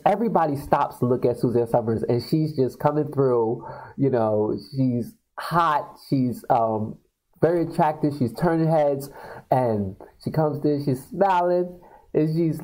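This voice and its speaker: A man casually retelling film scenes to viewers on his video channel, talking in an animated way with many fillers. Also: medium pitch, low-quality recording. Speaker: video blogger. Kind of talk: casual storytelling.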